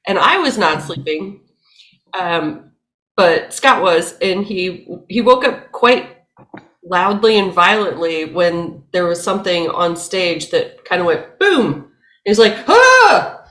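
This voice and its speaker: A woman's voice: lowish voice, slow, fairly bright tone. A woman on a casual podcast panel, easygoing as she tells a story. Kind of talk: casual roundtable chat.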